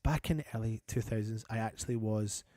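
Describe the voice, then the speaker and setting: A man's voice: on the low side, a little fast, mellow, dry recording, studio quality. A man hosting a live football watchalong, calling the play and chatting with viewers in a matey way. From England. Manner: chatty and matey, breaks off commentary to greet viewers. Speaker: fan channel host doing a live match watchalong. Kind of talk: live match commentary mixed with reading out viewer comments.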